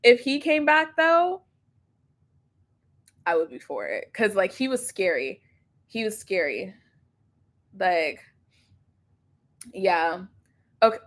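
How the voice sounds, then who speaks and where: Young woman, lively up-and-down voice, slow rambling chat, laughs a lot, laptop mic. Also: medium pitch. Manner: rambling, chatty, laughs often, swears casually. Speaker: livestream reaction host. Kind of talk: casual livestream chat.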